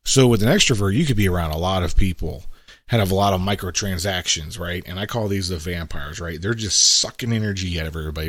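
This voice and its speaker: Talking at a quick pace, a middle-aged podcast host delivers a relaxed, reflective monologue full of "right?" asides, acting out quotes as he goes. His voice sits low and a bit bright, with no room sound.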